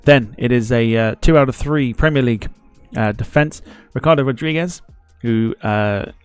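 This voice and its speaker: A man at a mid pitch hosts a live football watchalong in a casual, rambling way. He greets people in the chat and cracks himself up now and then. The sound is close and dry, with soft music faint in the background. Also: moderate pace, clean tone, no echo. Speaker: streamer hosting a football watchalong.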